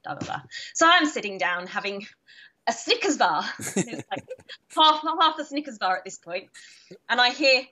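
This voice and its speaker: A British woman in her thirties, a karate champion, chatting in an interview and telling animated stories with frequent laughter. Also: fairly high pitch, moderate pace. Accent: British English. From Britain. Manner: animated storyteller, laughing often, acting out quotes. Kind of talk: casual interview chat.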